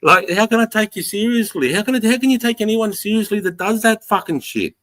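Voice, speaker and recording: A man's voice: high-pitched, lively intonation, brisk, fairly bright tone. A middle-aged man with an Australian accent, chatting on a livestream in a blunt, heavily profane way. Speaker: livestream host. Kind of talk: casual livestream chat to viewers.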